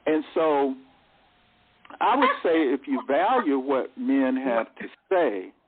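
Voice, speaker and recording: A man's voice: medium pitch, big pitch swings, slow pace, noisy background. Defensive male caller on a phone line. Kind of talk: call-in debate.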